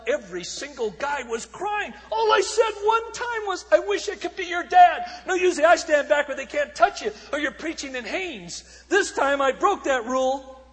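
Dramatic preacher man in a reverberant hall. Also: very high-pitched. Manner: dramatic, shifting from shouts to hushed tones. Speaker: evangelist speaker. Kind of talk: sermon storytelling.

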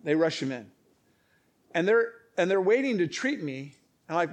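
A male pastor with a high voice preaching with lively storytelling. He acts out characters with big swings in pitch, then falls low and soft for personal stories. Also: normal speed. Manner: drops to low, quiet tones for personal moments. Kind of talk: sermon.

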